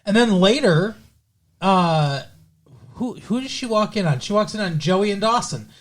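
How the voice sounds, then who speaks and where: A podcast co-host recapping a TV episode in casual chat, at an ordinary middle pitch. The talk is loose, with swearing and frequent laughter, and slips into quick impressions of the characters being quoted. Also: lively intonation.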